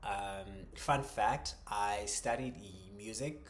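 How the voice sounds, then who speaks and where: A man speaking slowly and reflectively in a personal vlog, his voice sitting low. He hesitates often, restarting phrases and letting out small chuckles, sometimes sinking to a near whisper. A faint hiss of background noise runs underneath. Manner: halting, many ums and restarts, soft chuckles. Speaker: vlogger.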